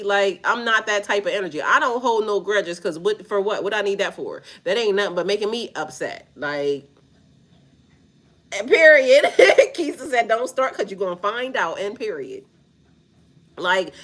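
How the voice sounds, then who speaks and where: A woman's voice: fairly high pitch, sharp tone. A woman spiritual reader in casual livestream chat, blunt and profane, laughing often and talking straight to her viewers. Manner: slangy, repetitive, talks to chat.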